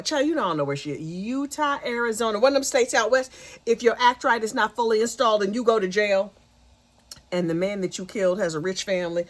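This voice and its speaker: A woman hosting a gossip channel, recapping news with animated, playful, sassy asides. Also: fairly high pitch.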